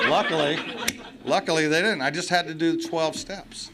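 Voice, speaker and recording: A man's voice: a little high, fairly quick, background noise. A man speaking at a recovery meeting, telling blunt, profane, comic stories to a live crowd. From United States. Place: meeting hall before an audience.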